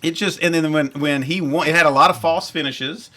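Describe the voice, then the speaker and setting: A man's voice: fairly high pitch, fairly even intonation, a little fast, pushed and bright. A man hosting a podcast, chatting casually and with enthusiasm, rambling and correcting himself as he goes. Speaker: podcast host. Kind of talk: casual chat.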